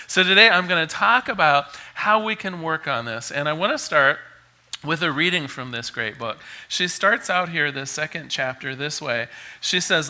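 A man gives an inspirational talk to a live audience in a conversational way, leaning on rhetorical questions. His voice is bright and forceful, and his pitch sits slightly high. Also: animated, normal speed. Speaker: speaker.

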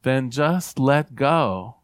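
A man voicing God speaking from above in a joke, slow, calm and measured. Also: medium pitch, no echo. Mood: calm command.

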